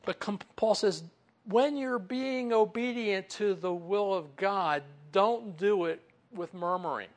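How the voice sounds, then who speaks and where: A man's voice: high voice, slow. A man preaching a sermon in a conversational way, with many asides and muttered inner voices that he acts out. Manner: conversational, with frequent "you know" asides. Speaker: pastor.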